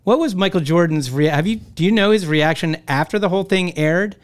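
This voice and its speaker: A man's voice: high voice, brisk, smooth. A man hosting an interview, asking questions in a conversational, rambling way. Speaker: interview host. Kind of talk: interview chat.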